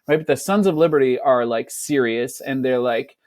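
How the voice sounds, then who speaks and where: A man teaching a fourth-grade class, reading a passage aloud and explaining it, slipping into quick playful voices for the people in it. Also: mid-range voice, darkish tone. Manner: breaks into quick, playful voices for kids and colonists.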